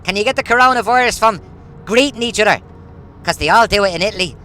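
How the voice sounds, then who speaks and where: A man's voice: high voice, fast talker, pushed and bright, slight background noise. A man, ranting in a casual monologue full of rhetorical questions. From Ireland. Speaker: vlogger.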